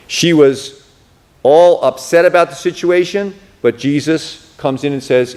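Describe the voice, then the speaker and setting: A man's voice: on the high side, measured pace, darkish tone. A man, a pastor teaching a Bible class in a conversational lecture, who acts out the words he quotes with expression and drops casual asides. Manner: casual, asides like "you know what I mean".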